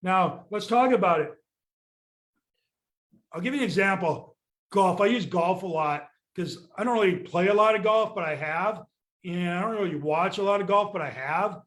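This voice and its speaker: Speaking at normal speed in a high, somewhat bright voice, an older real estate sales coach delivers a blunt, exasperated podcast rant, swearing casually along the way.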